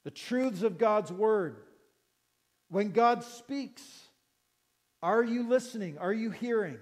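Speaking slowly in a high voice with lively intonation, a middle-aged pastor earnestly delivers a sermon. He echoes his own phrases and poses questions to the congregation, all carried on the long reverb of a big hall.

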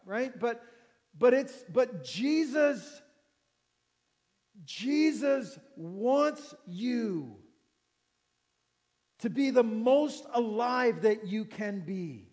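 A man's voice: extremely high pitch, lively intonation, slow pace, pauses often. A middle-aged man preaching a sermon as pastor, earnest, repeating phrases and putting questions to his listeners. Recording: long reverb of a large hall.

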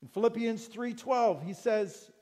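A man's voice: very high-pitched, unhurried, darkish tone. A middle-aged man preaching a sermon as pastor, earnest, repeating phrases and putting questions to his listeners. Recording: long reverb of a large hall.

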